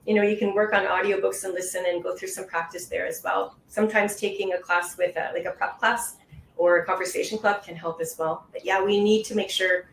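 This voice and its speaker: A woman's voice: medium pitch, steady tone, brisk, gravelly, slight background noise. A woman test-prep instructor answering questions on a webinar in a patient, reassuring, explanatory way, over a video call. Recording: roomy echo.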